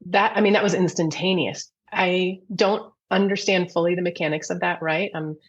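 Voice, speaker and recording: Earnest woman speaking in a low voice. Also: normal speed. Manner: animated, earnest storytelling with restarts. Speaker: guest, reiki master and psychic medium. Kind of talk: conversational interview. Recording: muffled lo-fi audio.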